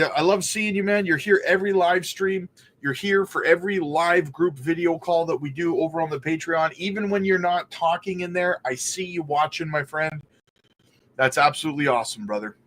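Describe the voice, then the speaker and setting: A man's voice: fairly high pitch, a bit bright. A man hosting a crypto live stream, greeting chatters by name and talking through price charts in a casual, upbeat way. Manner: upbeat, greets chatters by name, calls them buddy and brother.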